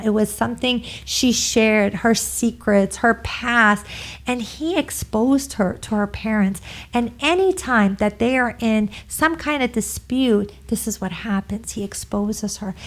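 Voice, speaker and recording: A woman in her forties, a marriage therapist, giving an earnest talk about marriage and telling stories from her practice. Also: on the high side. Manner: earnest storytelling with acted quotes.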